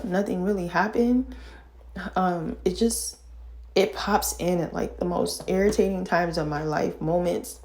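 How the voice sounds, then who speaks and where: A middle-aged woman telling a painful personal story in casual talk, halting and full of fillers and restarts, sighing and shaken. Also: low-pitched, creaky, a little mellow. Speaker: vlogger telling her own story.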